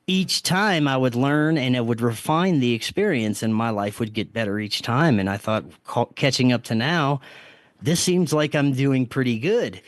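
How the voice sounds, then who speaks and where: A man's voice: mid-range voice, dry recording. A man, a podcast guest, earnestly retelling a strange experience with restarts and quoted self-talk. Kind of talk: storytelling in casual interview.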